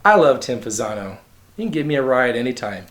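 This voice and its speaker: A man's voice: medium pitch, very animated, brisk, heavy background noise. A man hosting a comedic video commentary show, talking in a sassy, catty, campy way. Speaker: show host.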